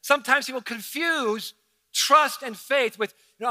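Man, pastor, sermon, high and bright voice, animated, conversational. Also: normal speed.

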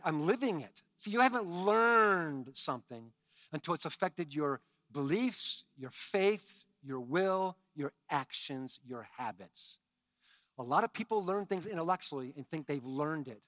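A man preaching a sermon with emphatic swings from hushed tones to shouting and chatty asides to his congregation. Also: on the high side, animated, moderate pace, no room sound. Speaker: pastor.

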